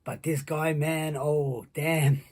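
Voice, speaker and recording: A man spins a casual, rambling story full of swearing, getting more worked up as it goes. His voice sits high and sounds husky. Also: slow. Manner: rambling, profane, building excitement. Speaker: storyteller, former wrestler. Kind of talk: casual anecdote.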